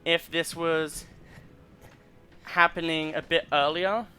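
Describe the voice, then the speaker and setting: Bright-voiced rambling gamer man. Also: fairly high pitch, fairly even intonation, slow, clear, resonant tone. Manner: rambling, reads text aloud with stumbles. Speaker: gameplay streamer. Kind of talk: casual commentary while gaming.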